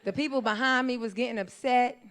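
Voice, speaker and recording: Woman comic from New York, stand-up set, animated storytelling, laughs through her lines. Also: a little high, brisk, a faint crowd. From New York, USA. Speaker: comedian. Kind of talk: stand-up comedy. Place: live show in a church venue.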